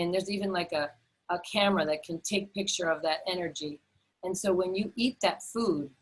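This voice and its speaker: Over a poor-quality video call, a middle-aged health educator leads an enthusiastic webinar on health. Her voice sits on the low side, and she speaks earnestly, repeats herself, and frequently starts over with filler words.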